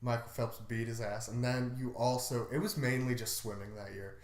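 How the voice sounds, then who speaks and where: رجل يتحدث بعفوية في غرفة ذات صدى. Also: male voice, medium pitch, steady tone, normal speed. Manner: laid-back, hedging with fillers. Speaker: podcast co-host. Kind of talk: casual chat. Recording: roomy echo.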